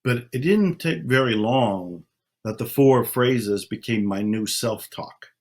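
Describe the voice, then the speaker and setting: An older man speaking slowly and calmly, leading a guided meditation with long pauses. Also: mid-range voice. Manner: slow, calm, soothing, with long pauses. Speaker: self-help speaker. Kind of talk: slow guided meditation talk.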